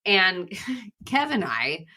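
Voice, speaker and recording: A woman's voice: mid-range voice, sing-song, very slow, sharp tone. A woman in her thirties hosting a podcast, telling candid, rambling stories in casual chat with frequent restarts. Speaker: podcast host.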